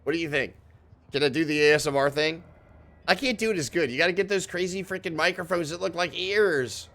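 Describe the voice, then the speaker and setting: A man's voice: a little high, a little fast, creaky, fairly bright tone. Male game streamer, casual and rambling, laughs a lot, mild swearing, close studio mic. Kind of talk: casual live-stream chat. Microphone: diaphragm studio microphone.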